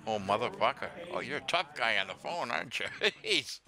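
A man baiting a phone scammer, gruff and taunting, swearing freely over a phone call. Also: medium pitch, very animated, a little fast, pushed and bright. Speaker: scam baiter.

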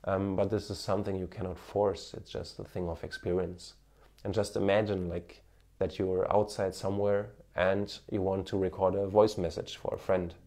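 This low, mellow male voice moves at normal speed with a level tone. The speaker, a former TV cameraman turned marketing coach in his thirties, has a German accent lightly touched by Indian and offers earnest, encouraging advice to camera, full of fillers. He's captured on a smartphone fitted with an external mic.

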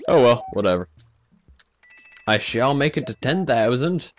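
A man's voice: medium pitch, animated, measured pace, soft background music. A man giving casual, self-mocking commentary over a video game, laughing often at his own mishaps. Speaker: let's play commentator.

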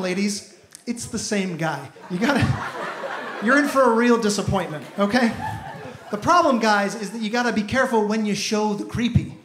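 A man's voice: high-pitched, fairly bright tone. Exasperated male stand-up comic. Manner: exasperated, punchy storytelling. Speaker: stand-up comedian. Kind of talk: stand-up comedy set. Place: comedy club stage. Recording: echoey room with crowd laughter.

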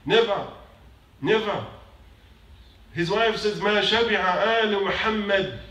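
A man's voice: high-pitched, moderate pace, fairly bright tone, slight background noise. A man giving a short sermon in a mosque, emphatic, repeating his points and putting questions to the congregation. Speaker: mosque speaker. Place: mosque prayer hall. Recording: echoey hall from a distance.

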